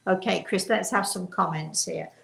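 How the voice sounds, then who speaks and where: This older woman talks in a relaxed, chatty way, hosting and teaching, and she leans hard on the words that matter. Her voice has a gravelly edge. It carries a roomy echo. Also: lowish voice, normal speed. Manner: emphatic on key words, warm chatty restarts. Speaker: host and spiritual teacher. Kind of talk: live-stream chat and teaching.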